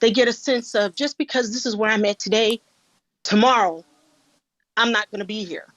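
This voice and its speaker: A woman speaking earnestly and from the heart in a casual group discussion, telling stories about her upbringing. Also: medium pitch. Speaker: panel participant. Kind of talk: casual discussion on an audio chat room. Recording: dull, lo-fi audio.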